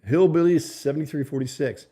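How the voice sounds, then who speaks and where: In a home streaming setup, a man speaks right into a desk mic as he casually chats with his livestream viewers and reads their comments aloud. His voice is on the high side and dark in tone, and he talks a little fast.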